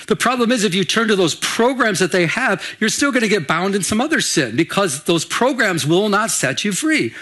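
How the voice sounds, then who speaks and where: A man's voice: sits high, very animated, moderate pace, few pauses, sharp tone. An older man preaching a sermon as pastor, in a conversational way, calling for amens and often restarting his sentences. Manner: conversational, repeats and restarts, asks the room for amens.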